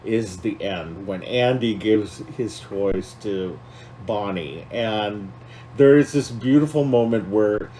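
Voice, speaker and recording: A man's voice: fairly low pitch, slow pace, dark tone, a little hiss or hum, poor audio. A man co-hosting a podcast, talking casually and with feeling, rambling with many fillers and restarts. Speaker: podcast co-host.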